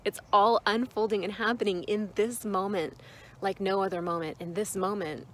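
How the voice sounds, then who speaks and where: A woman giving a gentle, heartfelt mindfulness talk outdoors, speaking slowly with emotional pauses. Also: mid-range voice. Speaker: mindfulness vlogger. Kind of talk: reflective spoken meditation talk. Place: outdoors in nature.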